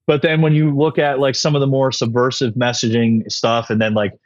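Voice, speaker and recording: A man's voice: medium pitch, flat delivery, brisk, no room sound, highs cut off. A young man rambling as a podcast guest in casual chat, cursing often and full of fillers and restarts. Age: young adult.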